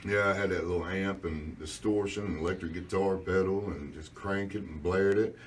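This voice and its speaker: A man in his forties with a deep, dark voice, a musician guest rambling through a casual radio studio interview with many fillers. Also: fairly even intonation, moderate pace, far from the mic, a little hiss or hum.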